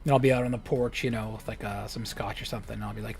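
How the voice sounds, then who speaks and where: A young man chatting on a live stream at an ordinary middle pitch. He rambles through jokey stories and slips into whispered asides. Faint music plays quietly behind him. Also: fairly even intonation, very fast, creaky, hardly any pauses. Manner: rambling, joking storytelling, drops to a whisper for asides. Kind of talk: casual chat while streaming a game.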